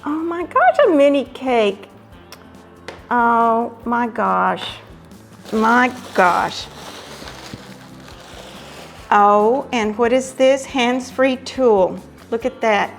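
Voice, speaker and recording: Woman craft vlogger, effusive and exclaiming, slow-paced and high-pitched. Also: lively intonation, vocal fry, faint music behind. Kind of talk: casual chat, unboxing mail.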